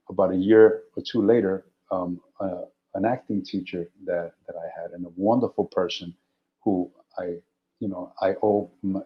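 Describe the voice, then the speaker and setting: A middle-aged man, a guest actor, telling stories in an animated, anecdotal way during a casual interview. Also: low voice. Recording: dull lo-fi audio.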